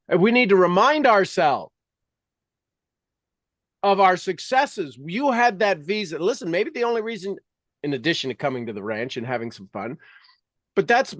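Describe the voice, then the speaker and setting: A man coaching a guest in a motivational talk, with a slightly high voice. He repeats and stresses each point with conviction. The sound is dry, with no room around it. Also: dry recording. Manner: emphatic and repetitive, drives points home. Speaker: leadership coach and host.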